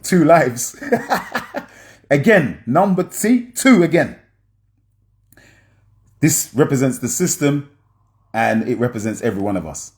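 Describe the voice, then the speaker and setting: A man's voice: medium pitch, expressive, takes it slowly, long pauses, a little mellow. A man commenting on film scenes for his audience, emphatic and preacher-like, often checking in with "yeah?".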